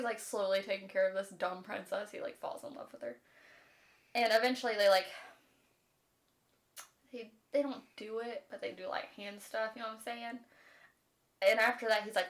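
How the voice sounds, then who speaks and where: A young woman's fairly bright, higher-pitched voice carries a lively, casual podcast discussion of a book she co-hosts, full of free swearing and quick asides imitating the characters.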